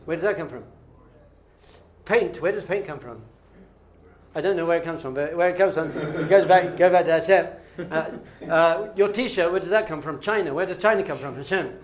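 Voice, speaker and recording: Animated rabbi teaching a class. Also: male voice, a little high, normal speed. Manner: animated, playful, quizzing the audience. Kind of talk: lively classroom teaching with questions to students.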